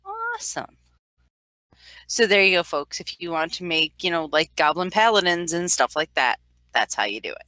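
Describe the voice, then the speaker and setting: A woman's voice: lowish voice, expressive, a little fast, pushed and bright, dry recording. A woman co-hosting a casual podcast, reading listener questions with wry jokes.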